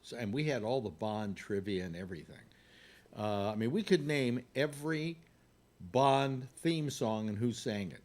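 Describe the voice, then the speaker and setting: An older man hosting a casual panel chat, telling stories in a rambling way with halting restarts and laughs. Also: mid-range voice, lively intonation, darkish tone. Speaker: radio talk show host.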